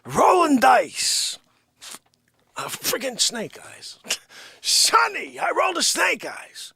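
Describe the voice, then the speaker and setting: A man putting on a loud, bossy café regular who shouts for his espresso. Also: very high-pitched, sing-song, slow pace, creaky, no room sound, studio quality, voice pushed up, exaggerated voice. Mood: demanding. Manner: shouting, bossy and indignant, demanding service. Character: brash loud grown man fussing over espresso at a café. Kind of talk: improvised comedy bit.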